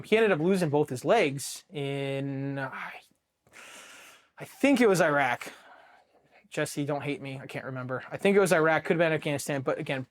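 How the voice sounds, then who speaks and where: A man from Ohio, a Marine veteran, tells his story bluntly and swears freely. His voice sits a little high for a man, and he speaks as a candid, animated storyteller.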